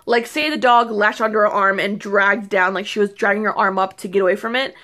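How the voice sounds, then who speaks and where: A young woman beauty vlogger chatting casually to camera, excitable and rambling, full of fillers and restarts. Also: mid-range voice, brisk. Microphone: phone or camera mic.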